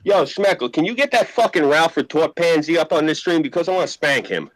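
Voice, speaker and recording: A man talking fast and brashly as a stream guest, trash-talking in heated casual chat. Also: a little high, expressive, no echo, poor audio.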